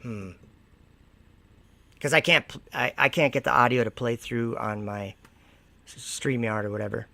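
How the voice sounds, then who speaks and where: A man's voice: mid-range voice, fairly even intonation, normal speed, gravelly, long pauses, pushed and bright. A man hosting a casual livestream, reading viewer comments aloud and mocking and lecturing the people who wrote them. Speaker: livestream host.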